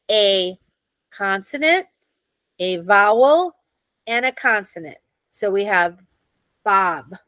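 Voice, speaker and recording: A woman's voice: a little high, a bit bright, no room sound. Upbeat American woman teaching a class. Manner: patient, checks understanding often. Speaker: Hebrew teacher.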